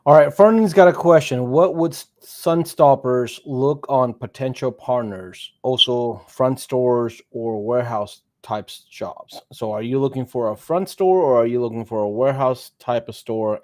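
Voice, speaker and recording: A man's voice: medium pitch, unhurried, a little mellow. A man hosting a podcast interview, giving short affirmations and reading out listener questions. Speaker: podcast host.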